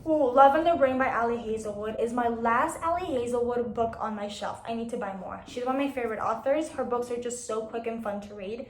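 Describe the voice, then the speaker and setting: A young woman chatting casually about her unread books, rambling with restarts and quick apologies. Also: fairly high pitch, roomy sound, a little hiss or hum. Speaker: book vlogger.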